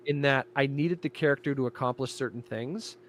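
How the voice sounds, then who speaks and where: A man in casual chat, telling a lively story about directing his show and acting out quoted lines. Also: mid-range voice, fairly quick, slight background noise. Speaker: guest, creator and director of an audio show.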